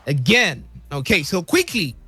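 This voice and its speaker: A man hosting a radio show in an excitable, playful way, laughing often. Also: a little high, a little slow, slightly rough, faint music behind. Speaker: radio host. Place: radio studio.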